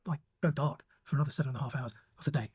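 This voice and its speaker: A speaker in a played clip giving brisk, matter-of-fact advice. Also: medium pitch, fairly even intonation, a little mellow, slightly rough.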